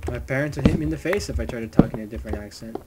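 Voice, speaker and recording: A man's voice: medium pitch, racing, heavy background noise. Rambling man narrating a video game. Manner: rambling, jokey, talks to game animals. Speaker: gamer. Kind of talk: let's-play commentary. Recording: loud music under the voice. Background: loud music.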